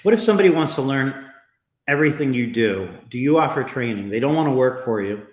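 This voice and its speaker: A man's voice: mid-range voice, expressive, a little fast, reverberant. A male podcast host interviewing a guest in a teasing, sarcastic way.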